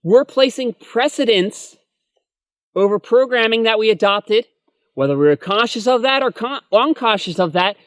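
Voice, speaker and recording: Male self-help coach, high voice, earnest and repetitive, dry close recording. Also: animated, moderate pace, no echo. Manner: earnest, repetitive, addresses viewers as folks, frequent "okay?" and "right?". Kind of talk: spoken personal-development lesson.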